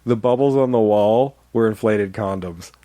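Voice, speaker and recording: A man's voice: on the low side, moderate pace, mellow, dry recording. A man co-hosting a podcast, chatting casually about films, jokey and laughing often. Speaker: podcast co-host. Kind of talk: casual movie-discussion chat.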